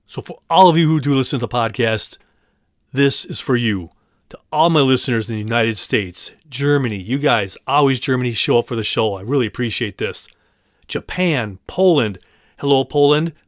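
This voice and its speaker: In a studio-quality, dry recording, a man with a mid-range voice and normal speed hosts a movie podcast. He rambles a bit in a casual monologue thanking his listeners, tripping over place names along the way.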